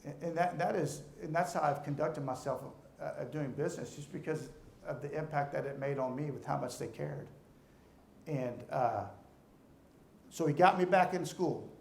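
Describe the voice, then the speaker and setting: A man's voice: medium pitch, gravelly, a little mellow, echoey room, slight background noise. A middle-aged man gives a motivational speech to an audience in a room, talking earnestly and often repeating words as he starts sentences. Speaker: alumnus speaker.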